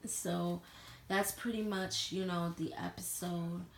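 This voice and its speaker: Young woman, casual TV reviewer, blunt and profane; gravelly voice, roomy echo. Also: fairly low pitch, slow pace. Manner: blunt, profane, animated retelling with slang. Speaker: reality TV reviewer. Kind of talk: casual chat. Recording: echoey room with faint ambient noise.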